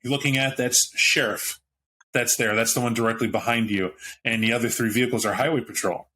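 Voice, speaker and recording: Animated man running a tabletop game. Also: mid-range voice, a little fast, rough recording. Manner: rambling, animated narration with restarts. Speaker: game master. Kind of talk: narrating a tabletop role-playing game.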